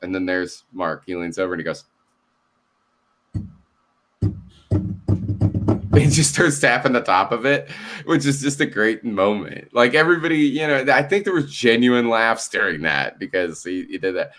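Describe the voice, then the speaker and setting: A man co-hosting a casual chat, animated and swearing freely, laughing often and acting out quotes. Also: lowish voice, moderate pace, pauses often. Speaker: co-host.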